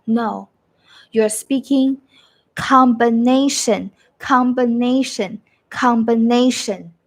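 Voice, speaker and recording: A woman with a fairly high voice teaches Mandarin over a live stream. She speaks in an unhurried way, stretching out the tones and repeating each example so viewers can follow. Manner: demonstrates tones by sliding her voice up and down, repeats phrases slowly. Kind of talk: live-streamed language lesson.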